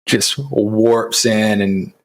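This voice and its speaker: A man's voice: lowish voice, very slow. A man co-hosting a podcast in casual chat, answering in a laid-back, brief way. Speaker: podcast co-host.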